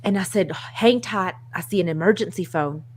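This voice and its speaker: A woman co-hosting a casual chat show, telling a story in an animated, self-mocking way and laughing often. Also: fairly low pitch, moderate pace, slight background noise. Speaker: co-host.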